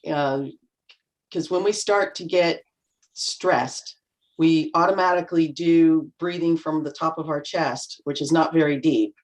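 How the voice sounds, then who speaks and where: A woman's voice: low voice, steady tone, a little slow. A middle-aged woman talking on a panel over a video call, chatty and full of anecdotes, acting out little quotes as she goes. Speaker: panel guest. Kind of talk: casual panel talk.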